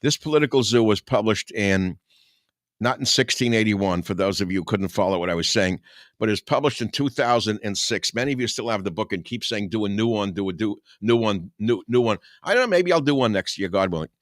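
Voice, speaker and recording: A man's voice: fairly low pitch, lively intonation, brisk, dry recording, studio quality. An older man, a talk host, reading his own satirical writing aloud with combative, sarcastic asides and chuckles.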